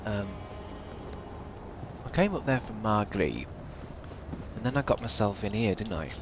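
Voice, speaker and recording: A man's voice: fairly low pitch, lively intonation, unhurried, noisy background. Rambling sweary male game streamer. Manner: rambling, sweary, reacting to gameplay. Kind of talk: casual live-stream chat while gaming.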